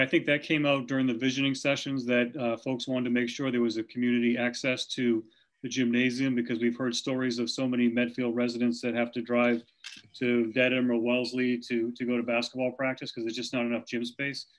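A man on a town committee giving a plain, steady explanation during an online public meeting. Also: medium pitch. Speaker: committee member. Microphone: video call.

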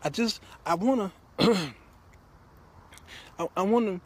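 A burly tough-guy thug, put on by a man, stammers and mumbles as he fumbles for words. The voice is husky and lively in pitch. He sounds tough yet close to tears. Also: slow, exaggerated voice. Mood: tearful. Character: big burly male thug, tough but tearful.

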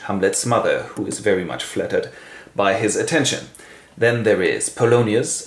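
A man from Germany with a German accent, hosting a comic literary summary with wry, deadpan asides. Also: on the low side, reverberant. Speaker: host and narrator.

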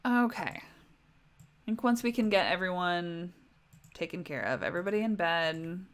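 A woman's voice: on the low side, expressive, measured pace, clean tone. Young woman, livestream host, chatty gameplay commentary, keeps talking to her game characters. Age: young adult.

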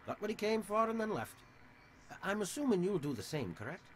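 An actor with an Irish accent playing a sly, theatrical middle-aged saloon owner in a video game. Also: male voice, high-pitched, very animated, a little fast, a bit bright, slight background noise. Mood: smug. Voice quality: theatrical, smug and oily.

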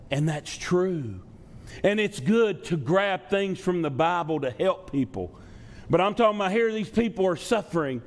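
A man's voice: high voice, lively intonation, a little slow. A male pastor preaching a sermon in a church, in a conversational style that repeats phrases for emphasis. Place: church sanctuary. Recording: long reverb from a church hall.

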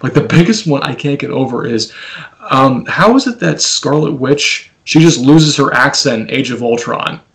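A man's voice: medium pitch, expressive, normal speed, vocal fry, low-quality recording. A man hosting a casual film podcast over a video call, rambling, laughing often and acting out what people say. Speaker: podcast host.

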